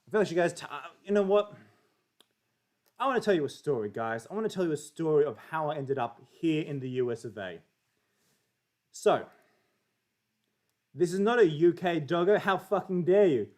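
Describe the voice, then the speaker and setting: Australian guy, young, swears freely, chatty guest storyteller, voice sits a little high. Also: lively intonation, normal speed, long pauses, a little mellow. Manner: chatty, profane, jokey storytelling. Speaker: livestream guest. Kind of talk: casual chat and storytelling.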